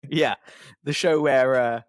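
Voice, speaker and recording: A man's voice: mid-range voice, steady tone, takes it slowly, dry recording. Laughing man co-hosting a podcast. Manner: jokey, laughs often. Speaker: podcast co-host. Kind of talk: casual podcast chat.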